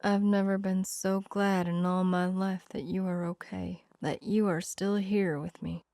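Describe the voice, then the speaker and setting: A soft-spoken young man, tender and teasing, speaking in low, quiet tones in a storybook romance, read by a woman. His voice comes through clean and smooth, close and dry with no room around it. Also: little pitch movement, a little slow, dry recording.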